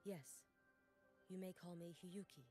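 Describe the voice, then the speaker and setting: Solemn, formal young shrine maiden heroine in a game, warm low voice, quiet and measured, a woman voicing her. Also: faint music behind, close to an everyday voice. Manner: formal, soft-spoken.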